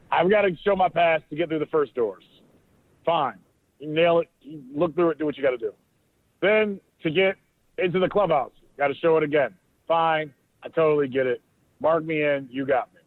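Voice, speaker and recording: Animated man on a thin phone line. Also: on the high side, no echo. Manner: animated, swears freely, acts out quotes. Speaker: podcast co-host, sports reporter. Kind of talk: casual storytelling chat. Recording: dry, phone-like sound.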